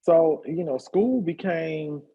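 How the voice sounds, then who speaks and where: A man in his fifties, a hairstylist and party promoter, telling his life story in a relaxed interview with lots of fillers. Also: on the high side, slow, vocal fry, breathy edge, dull audio. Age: 50s. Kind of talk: casual conversational interview.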